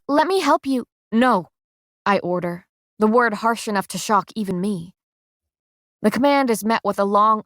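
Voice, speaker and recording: A woman's voice: mid-range voice, no room sound. Woman narrating an audiobook in a dry recording. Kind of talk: first-person audiobook narration.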